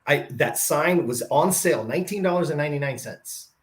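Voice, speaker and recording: A middle-aged man hosting a podcast, telling a personal story in a lively conversational way, acting out the dialogue and often asking "right?". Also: a little high, a little fast. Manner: animated, acts out quoted dialogue, says "right?" often. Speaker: podcast host.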